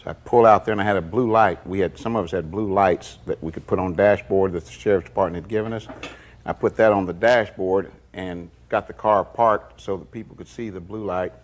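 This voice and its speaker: An older man telling stories in a documentary interview, folksy and unhurried, often slipping into quoted dialogue. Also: deep voice, fairly even intonation. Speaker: interviewee recalling past events.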